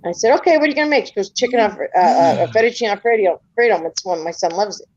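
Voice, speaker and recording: A woman's voice: mid-range voice, lively intonation, rapid-fire, darkish tone, highs cut off. A middle-aged woman in casual group voice chat, telling family stories with lots of chatty asides. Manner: chatty storyteller acting out family dialogue. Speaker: panel participant.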